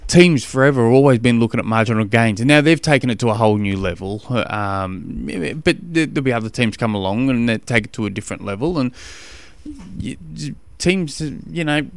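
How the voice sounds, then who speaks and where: Easygoing Australian man, smooth dry voice. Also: medium pitch, animated, a little fast, dry recording. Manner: easygoing and chatty, fond of slang. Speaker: podcast host and triathlon coach. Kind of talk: casual podcast monologue.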